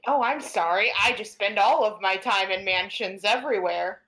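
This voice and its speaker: A woman's voice: medium pitch, moderate pace, a bit bright, low-quality recording. Woman player, playful, swearing, laughing, casual table talk. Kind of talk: casual tabletop role-play.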